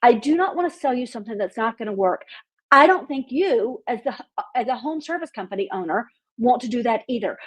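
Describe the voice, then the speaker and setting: A high-voiced woman with a husky edge hosts her marketing podcast. She talks bluntly and outspokenly, swears freely, and drives every point home with fired-up conviction.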